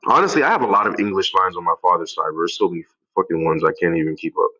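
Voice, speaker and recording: A man's voice: sits low, very fast, sharp tone, no room sound. Man, from the US, brash, joking, group chat, muffled lo-fi mic. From United States. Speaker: chat participant.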